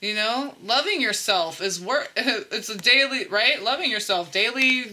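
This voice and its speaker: A woman's voice: a little high, lively intonation, measured pace, pushed and bright, slight background noise. A woman giving a casual, chatty spiritual tarot reading straight to her viewers, laughing often and swearing freely. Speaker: tarot reader.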